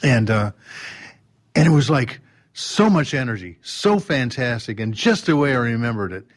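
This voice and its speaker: Male guest, mid-range voice, animated storyteller, acts out quotes, frequent restarts. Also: mid-range voice, normal speed. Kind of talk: storytelling in a podcast interview. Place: drum showroom.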